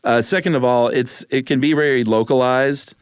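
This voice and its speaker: A man's voice: mid-range voice, fairly even intonation, moderate pace, clean tone, dry recording, studio quality. A man co-hosting a podcast in casual chat, rambling with hesitations and laughing often. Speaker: podcast co-host.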